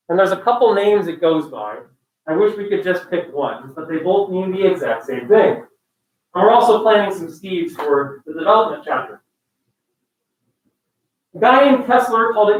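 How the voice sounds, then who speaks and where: A man teaching a class in a casual, animated way, mixing stories into the lecture. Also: sits high. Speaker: instructor. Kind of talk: lecture with storytelling. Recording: roomy room, far from the mic.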